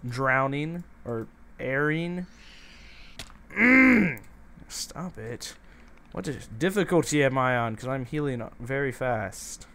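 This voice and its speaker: A man in the middle of his range, narrating a video game in a loose, goofy way. He drawls along unhurried and talks straight to the creatures on screen. A soft hiss sits faintly under his voice. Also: medium pitch. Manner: playful, chatty, talks to the animals he meets. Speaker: gameplay commentator. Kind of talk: casual let's-play commentary.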